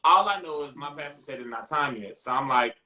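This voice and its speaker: Man, guest, expressive storyteller, echoey room sound. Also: medium pitch, brisk. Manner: expressive, mimics voices in stories. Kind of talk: casual testimony chat.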